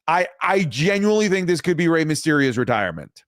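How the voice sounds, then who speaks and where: High-voiced man making animated predictions. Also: fairly quick, no room sound, clean studio sound. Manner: animated, confident predictions, mocking impressions, swears. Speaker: co-host and wrestling commentator. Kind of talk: casual podcast chat.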